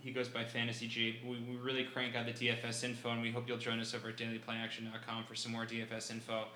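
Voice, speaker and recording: A male podcast guest with a bright, lively voice, breaking down his picks and laughing often. The sound is roomy, with a faint hum of background noise. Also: medium pitch, racing. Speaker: podcast guest, fantasy sports analyst. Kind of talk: casual chat.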